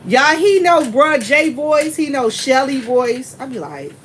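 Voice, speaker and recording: A woman's voice: sits high, expressive, a little slow. A woman chatting casually to her viewers from a gas station store, talking in a repetitive, rambling way. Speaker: store clerk vlogging at work. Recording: humming air conditioning noise. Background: air conditioner hum.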